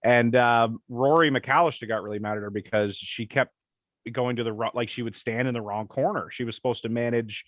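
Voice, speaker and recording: A man co-hosting a podcast, joking and cutting in with quick banter. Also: mid-range voice, fairly even intonation, fairly bright tone, no room sound, highs cut off. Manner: joking, interjecting. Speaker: podcast co-host. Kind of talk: casual banter.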